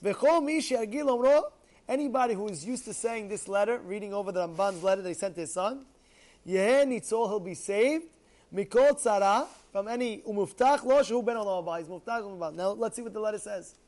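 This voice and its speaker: A man teaching a Torah class, reading lines and explaining them in animated swings between loud and soft. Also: high voice, a little fast.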